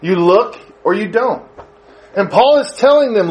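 A male preacher delivering a sermon with animated storytelling. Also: a little slow. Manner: animated storytelling, pitch rising with emphasis.

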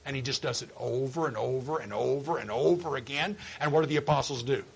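A man preaching a sermon, swinging from quiet low asides to loud high exhortation and acting out quoted voices. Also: fast talker, creaky, hardly any pauses, breathy edge, poor audio. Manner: acts out quoted voices of listeners and God.

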